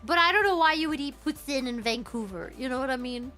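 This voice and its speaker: A woman's voice: high-pitched, fast talker, faint music behind. A young woman streamer telling stories in a casual chat, giggling often. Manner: giggly, animated, breaks into laughter.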